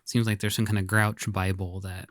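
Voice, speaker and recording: A man's voice: sits low, little pitch movement, fairly bright tone, no echo, studio quality. A man co-hosting a podcast who chats casually, jokes and laughs often. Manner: playful, jokey, quick to laugh. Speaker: podcast co-host. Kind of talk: casual chat.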